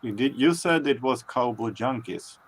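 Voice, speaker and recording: A man's voice: medium pitch, animated, normal speed, a crowd in the background. A man chatting casually on a video call, joking with frequent stammering restarts.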